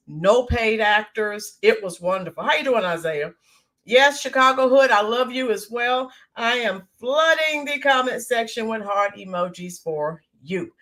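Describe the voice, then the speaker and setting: An American woman hosts a casual livestream, calling out viewers by name and sprinkling in plenty of "ums." Her voice is a little hoarse from screaming the day before. She speaks on the high side with lively intonation and a measured pace.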